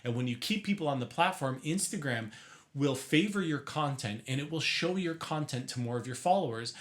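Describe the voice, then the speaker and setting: A young man teaching marketing tips straight to camera in an energetic, chatty way, often correcting himself mid-sentence. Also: medium pitch, brisk. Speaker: marketing coach for therapists.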